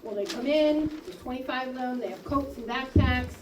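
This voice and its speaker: Woman, high voice, storytelling speech, echoey library, heard from a distance, faint background noise. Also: moderate pace, darkish tone. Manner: storytelling, acts out quoted dialogue. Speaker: school staff hosting a ceremony. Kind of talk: ceremony speech with anecdotes. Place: school library.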